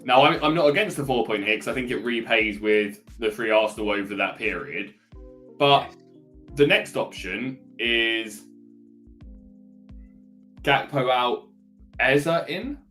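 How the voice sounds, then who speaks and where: A man co-hosting a casual fantasy football podcast, calmly laying out his options one by one with a dry sense of humour. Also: medium pitch, measured pace, long pauses, faint music behind. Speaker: podcast co-host.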